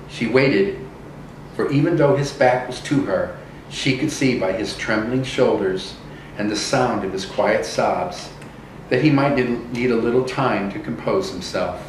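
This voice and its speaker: A man reading a dark story aloud in a slow, deliberate way. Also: mid-range voice. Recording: echoey room from a distance with faint noise.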